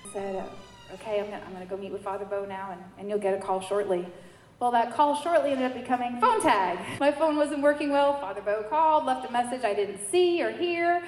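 A woman from New York giving a personal faith testimony, telling her story with animated quoted voices. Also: on the high side, fast talker. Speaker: testimony speaker. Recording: echoey hall with light noise.

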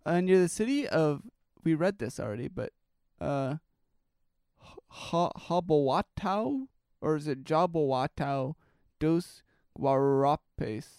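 A man chatting casually as co-host, rambling through his thoughts with plenty of fillers and restarts. His voice sits a little high and sounds smooth and clean. The sound is dry and close. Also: animated, unhurried, dark tone, dry recording. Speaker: podcast co-host. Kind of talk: casual chat reacting to news stories.

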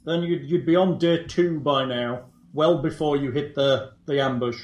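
A man's voice: on the high side, fairly even intonation, moderate pace, a little mellow, echoey room, highs cut off. A man acting as game master, chatting plainly and arguing travel rules with players. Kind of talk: tabletop game play and narration.

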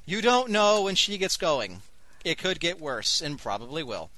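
A man's voice: fairly high pitch, very animated, normal speed, pushed and bright, no echo. A man hosting an online radio show, giving live commentary on a strategy game with wry, sarcastic asides. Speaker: host and game caster.

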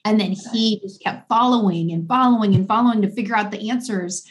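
A woman's voice: medium pitch, a little fast. Affirming woman podcast host. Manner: warmly affirming, reflective. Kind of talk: faith podcast conversation.

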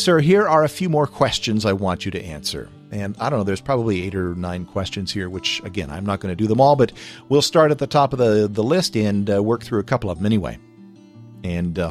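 An American man hosting a podcast, chatting loosely and chuckling as he answers listener questions, with many fillers and restarts. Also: medium pitch. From United States. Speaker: podcast host.

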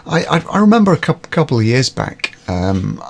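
Man, from Britain, podcast guest, gravelly and husky, lively pitch, stammering restarts. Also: normal speed. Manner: animated, stammers and repeats words when starting. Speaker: guest, business coach. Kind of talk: podcast conversation.

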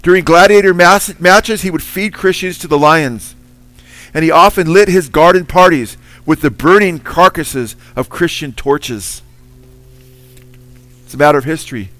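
A man's voice: fairly high pitch, normal speed, fairly bright tone, dry recording, soft background music. Emphatic preacher man, dry sound. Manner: earnest, emphatic, quizzes listeners with Bible trivia. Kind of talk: sermon.

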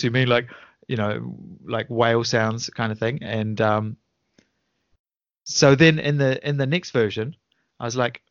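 A man's voice: mid-range voice, fairly even intonation, a little slow, dry recording, lo-fi sound. Chatty man hosting a game debrief. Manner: rambling, self-correcting, chuckling. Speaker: game master and podcast host. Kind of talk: casual podcast debrief chat.

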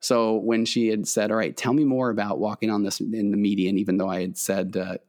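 A man's voice: fairly low pitch, little pitch movement, fairly quick, a little mellow. A middle-aged man, a therapist, earnestly telling a personal story and acting out the dialogue between himself and his wife. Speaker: therapist and host. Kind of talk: conversational storytelling.

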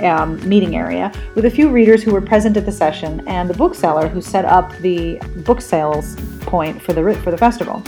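A woman's voice: mid-range voice, warm tone. A woman hosting a podcast, giving a breezy, self-deprecating spoken introduction. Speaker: podcast host.

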